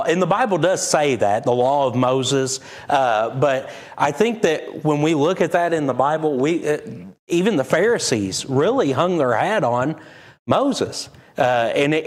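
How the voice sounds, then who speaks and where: Halting, conversational preacher man. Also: medium pitch. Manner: conversational, halting with many fillers and restarts; reads scripture aloud in King James wording. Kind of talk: casual Bible-study sermon.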